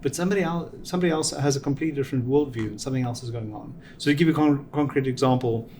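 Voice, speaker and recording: Middle-aged male guest, measured explainer, mid pitch, faint noise. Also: darkish tone. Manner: measured, explanatory, gives examples. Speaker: venture capital guest. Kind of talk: reflective interview answers.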